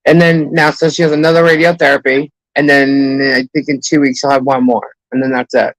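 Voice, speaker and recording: A man's voice: mid-range voice, flat delivery, brisk, a bit bright, dry recording, poor audio. A man co-hosting a casual live stream, talking in a chatty way and greeting viewers by name.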